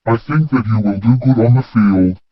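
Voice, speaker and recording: A man voicing a composed adult woman instructor, speaking in a calm, measured way. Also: medium pitch, dry recording, natural voice. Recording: dull, dry lo-fi recording.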